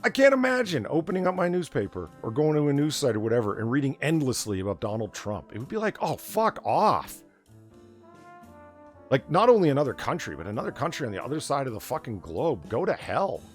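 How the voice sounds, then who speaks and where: A man's voice: medium pitch, very animated, quick pace, hardly any pauses, soft background music. A man hosting a late-night casual chat, talking in a sardonic, profane rant. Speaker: host.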